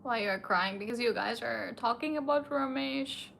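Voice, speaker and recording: A woman's voice: a little high, normal speed, gravelly, fairly bright tone, a little hiss or hum. Tipsy young woman chatting on stream. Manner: emotional, tearful, answers chat questions. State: a bit tipsy. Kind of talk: casual late-night livestream chat.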